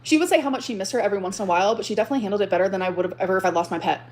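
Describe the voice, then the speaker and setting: Telling her story on a livestream, a woman pours out how she was hurt, cursing a lot and dramatically repeating lines for effect. Her mid-range, darkish voice races along, aggrieved and climbing into outbursts. There's slight background noise.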